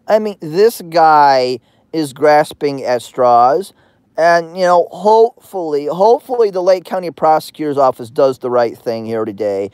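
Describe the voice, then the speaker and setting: Slow, profane ranting woman. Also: lowish voice, expressive, darkish tone, no room sound. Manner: angry, threatening, crude, meandering. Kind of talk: profane vlog rant.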